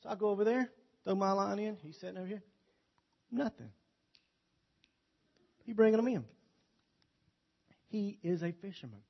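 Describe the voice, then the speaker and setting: A man's voice: high-pitched, normal speed, vocal fry, pauses often. A man preaching a sermon in a folksy, joking, storytelling way. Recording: dull lo-fi recording.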